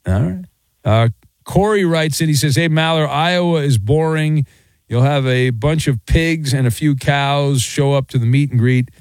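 A man hosting a sports radio call-in show, teasing callers in a playful, casual way with big swings in pitch. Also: moderate pace, darkish tone, dry recording. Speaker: radio host.

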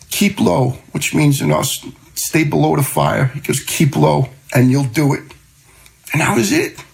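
A man's voice: fairly high pitch, gravelly, rough recording. A middle-aged man telling a personal story in an earnest, conversational way, livening up when he quotes people. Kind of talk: personal story told on a podcast.

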